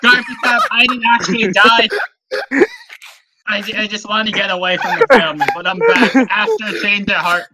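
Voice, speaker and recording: A man voicing a scheming carp father who walked out on his family, talking loud and pushy in an improvised comedy bit. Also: sits high, very animated, moderate pace, a loud crowd, rough recording.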